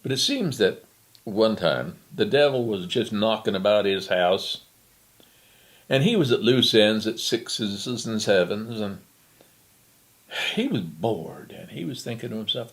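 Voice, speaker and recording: An older man telling a story in a relaxed, chatty, folksy way. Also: lowish voice, a little slow.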